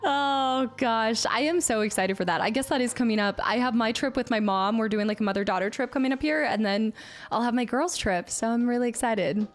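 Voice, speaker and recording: A young woman streamer chatting casually with her viewers, bubbly and quick to laugh. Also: fairly high pitch, soft background music. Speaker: variety streamer. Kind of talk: casual live-stream chat.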